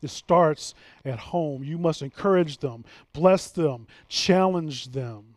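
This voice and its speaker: A man's voice: a little high, slow pace, no room sound, clean studio sound. A man preaching a sermon as pastor, earnest and emphatic, often restarting his phrases.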